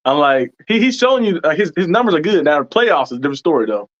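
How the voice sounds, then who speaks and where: A man's voice: on the high side, sing-song, fast, muffled recording. A man talking as a guest on a casual livestream, laughing often and acting out quotes.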